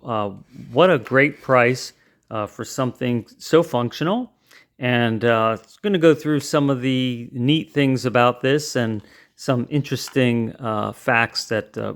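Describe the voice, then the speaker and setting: A man's voice: mid-range voice, fairly bright tone. A man hosting a casual toy review, chatting and explaining the features step by step as he handles the toy.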